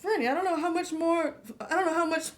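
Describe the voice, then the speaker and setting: A woman co-hosting a book club livestream, chatting casually, giggling often and breaking into loud exclamations. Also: extremely high pitch, fairly even intonation, fast talker. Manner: giggly, dissolves into laughter, exclaims loudly. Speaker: streamer, book club co-host.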